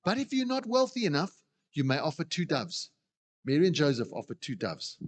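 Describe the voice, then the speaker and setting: Guy giving a sermon, lively preachy delivery, echoey hall sound. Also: fairly high pitch, fairly quick, breathy edge. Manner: animated preaching, acts out quoted voices. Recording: long reverb of a hall.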